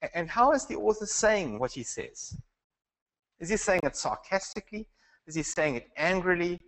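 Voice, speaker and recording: A man's voice: high-pitched, very animated, normal speed, fairly bright tone, rough recording. Man teaching a Bible class. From South Africa. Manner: conversational, asks the class questions, frequent restarts. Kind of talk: classroom lecture.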